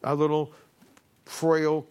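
A man's voice: a little high, completely flat delivery, slow, darkish tone, clear, resonant tone. Folksy storytelling male preacher. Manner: folksy storytelling, repeating words as he goes. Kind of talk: sermon with a told story.

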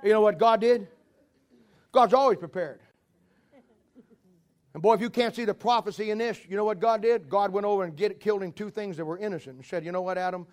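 A man preaching a lively, joking sermon in a very high voice. He tells stories in a folksy way, breaks into chuckles at his own jokes and acts out the voices of the people in them. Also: brisk, pauses often. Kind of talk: humorous sermon.

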